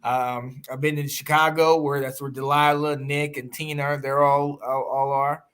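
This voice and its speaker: A man from the United States hosting a podcast, talking in a rambling, animated way with frequent laughs and restarts. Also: a little high, normal speed, clear, resonant tone. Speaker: podcast host. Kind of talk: casual chat.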